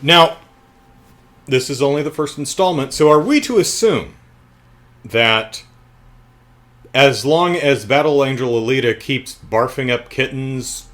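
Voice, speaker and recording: A man recaps a TV show in a casual review monologue, joking and sarcastic as he goes. His pitch is in the middle for a man but very lively, swinging up and down as he talks. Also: unhurried, long pauses. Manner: jokey, sarcastic, animated retelling with asides.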